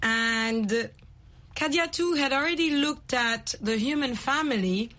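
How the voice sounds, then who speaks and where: Slow high-voiced woman teaching host. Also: a bit bright. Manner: slow, careful, switches between two languages. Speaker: host of a language program. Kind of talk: bilingual teaching chat.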